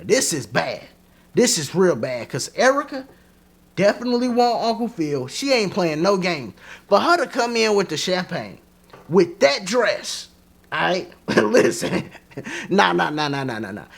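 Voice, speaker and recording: A man reviewing a TV episode in a casual, animated way, laughing often and acting out characters' lines. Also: high-pitched, creaky, husky. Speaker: TV show reviewer.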